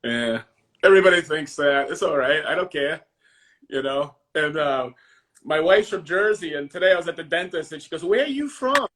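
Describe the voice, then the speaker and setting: A man's voice: on the high side, normal speed, a bit bright. A man with a Maine accent, a guest chatting casually on a podcast, laughing often and correcting himself as he goes. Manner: chatty, laughs easily, self-interrupting.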